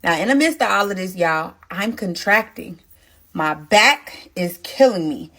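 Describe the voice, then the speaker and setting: A storytime vlogger with an ordinary mid-pitched female voice speaks a little slowly as she walks her followers through a personal story. It's casual and heartfelt, animated and emotional, and she addresses her viewers directly throughout.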